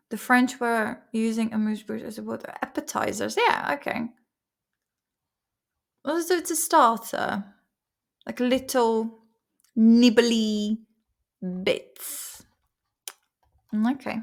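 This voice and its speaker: A woman hosts a casual study-along vlog, playful and rambling as she sounds out vocabulary words again and again. Her voice is a little high and slow, with vocal fry and frequent pauses.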